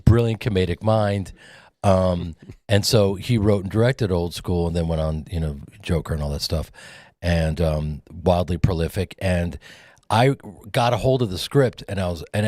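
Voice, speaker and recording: A man's voice: low-pitched, normal speed, darkish tone, no echo. A middle-aged man, a guest actor and comedian, telling casual anecdotes with acted-out quotes on a studio mic. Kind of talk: casual storytelling.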